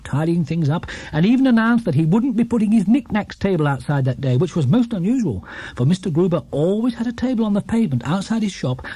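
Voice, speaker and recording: A man narrating a children's storybook in a lively, expressive way. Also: sits high, breathy edge, dry recording. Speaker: audiobook narrator.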